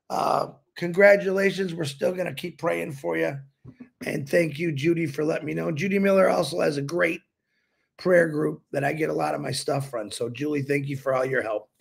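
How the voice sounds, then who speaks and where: A man's voice: high voice, creaky, breathy edge. A man co-hosting a casual live stream, joking and reading out birthdays and prayer requests. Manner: warm, jokey, reads birthday names and prayer requests. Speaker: co-host.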